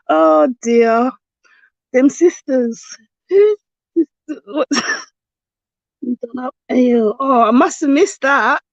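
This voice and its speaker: A woman's voice: high voice, lively intonation, slow pace, vocal fry, pauses often, no room sound. A young woman hosting a casual live stream chat, teasing her viewers and laughing almost constantly. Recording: dull lo-fi stream audio.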